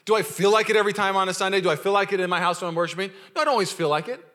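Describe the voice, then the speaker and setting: Bright-voiced, lively male pastor preaching. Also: sits high, rapid-fire. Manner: energetic, playful preaching with audience call-outs; acts out quoted voices in storytelling. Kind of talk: sermon.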